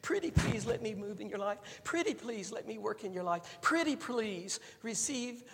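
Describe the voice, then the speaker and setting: A man's voice: sits high, lively intonation, normal speed, creaky, fairly bright tone, in a large hall, voice pushed up, heavily acted. A man voicing a male god who begs and pleads in a whiny, sing-song way. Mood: pleading. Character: male deity mockingly pleading and begging.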